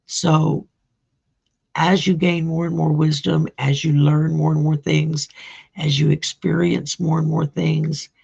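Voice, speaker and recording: A woman's voice: sits low, vocal fry, a little mellow, slightly rough. A woman doing a live-streamed card reading as a tarot reader, chatty and greeting viewers by name. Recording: dull lo-fi sound.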